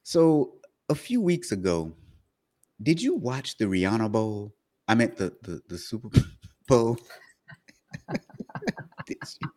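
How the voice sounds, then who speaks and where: A man's voice: mid-range voice, sing-song, takes it slowly, pauses often, a little mellow. A man co-hosting a casual live-stream morning chat, playful and joking as he asks questions. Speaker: co-host.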